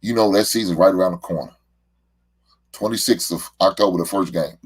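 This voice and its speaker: A man's voice: low voice, a little fast, breathy edge. A middle-aged man, a show host and father, talking in a casual, heartfelt monologue and often repeating words as he rambles.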